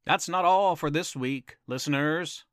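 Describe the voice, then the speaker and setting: Man, campfire storyteller, dramatic, teasing asides, slow delivery, dry close sound. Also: a little high, fairly bright tone, smooth, dry recording. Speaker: podcast storyteller.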